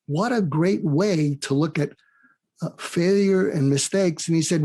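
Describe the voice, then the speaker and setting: Older guy, kinda high voice, tells stories and does the voices of people he's quoting, lively interview chat. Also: measured pace. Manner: animated storyteller, acts out quoted dialogue with rising pitch. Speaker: guest, psychiatrist and author. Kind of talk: conversational storytelling interview.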